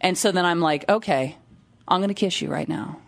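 A woman in casual chat, telling a story with lively acted-out quotes and frequent laughs. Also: lowish voice, fairly quick, creaky. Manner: animated storyteller, acts out quotes, laughs often.

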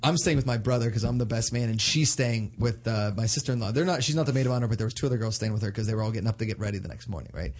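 A man's voice: lowish voice, very fast, hardly any pauses. A man, a podcast guest, telling a rowdy story in casual chat, laughing and swearing as he goes. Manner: laughing, animated, swears freely.

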